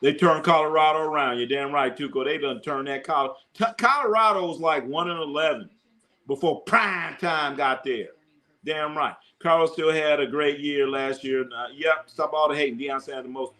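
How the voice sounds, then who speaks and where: Animated man hosting a sports stream. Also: normal speed. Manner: animated, jumps into high excited shouts. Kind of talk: casual live-stream chat reading comments.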